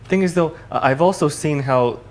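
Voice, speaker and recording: A man's voice: on the high side, moderate pace, a little hiss or hum. Easygoing American man, stammering chat. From New York City, USA. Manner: easygoing, stammering restarts, laughs often. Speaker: TV morning show co-host. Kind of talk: casual studio chat.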